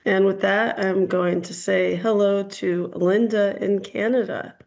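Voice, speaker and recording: Woman psychic host, gravelly low-energy fry, chatty and rambling, call-in reading. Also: steady tone, unhurried, darkish tone. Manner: chatty, hedging, frequent ums and "I'm getting". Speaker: psychic reader hosting a call-in show.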